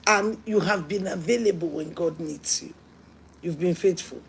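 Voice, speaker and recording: A woman pastor preaching a sermon, telling stories earnestly and swinging between hushed lines and emphatic ones. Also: lowish voice, moderate pace, breathy edge.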